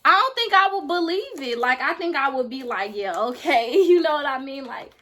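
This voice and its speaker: A woman's voice: high voice, animated, normal speed, a bit bright. A woman vlogging casually to her viewers, earnest and gushing as she talks straight to them. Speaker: beauty YouTuber. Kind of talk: casual vlog to camera.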